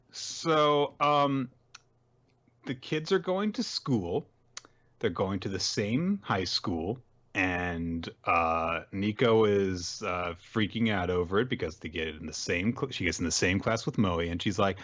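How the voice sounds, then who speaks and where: Low-voiced man recapping comics. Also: lively intonation, slow, a bit bright, muffled recording. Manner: chatty summarizing, acted quotes, frequent laughs. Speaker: podcast co-host. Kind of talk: casual chat recapping manga.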